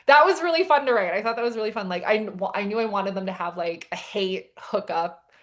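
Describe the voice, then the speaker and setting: A woman co-hosting a relaxed chat, walking through a scene from her book with lively, acted-out dialogue. Her voice sits in an ordinary middle pitch, and she peppers every sentence with "like.". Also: fairly quick. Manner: animated storytelling with frequent "like" and quoted dialogue. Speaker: podcast co-host and romance author. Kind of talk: casual chat.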